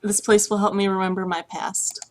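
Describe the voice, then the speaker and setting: A woman's voice: medium pitch, level tone, brisk, natural voice. A woman reading as a reserved young man, polite and evasive. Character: reserved young man, former student of the school.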